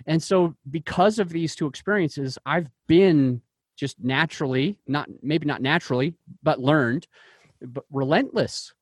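Real estate investor, male, earnest interview storyteller with a higher voice and a dry sound, who often backtracks mid-sentence. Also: measured pace, slightly rough, dry recording. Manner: earnest, with frequent restarts and fillers.

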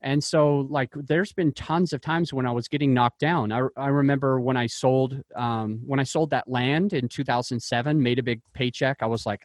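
A man's voice: medium pitch, steady tone, normal speed, few pauses, dry recording, studio quality. A man who invests in real estate, telling personal stories in an interview in an earnest way, often restarting his sentences. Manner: earnest, with frequent restarts and fillers.

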